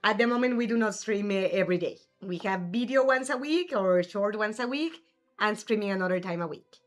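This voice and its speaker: A woman live-streams a game and chats casually, answering messages from her viewers in an easygoing way. Her pitch sits in a middling range, and a bit of game music plays softly behind her. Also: animated, fairly quick. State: has the hiccups. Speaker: livestream gamer host.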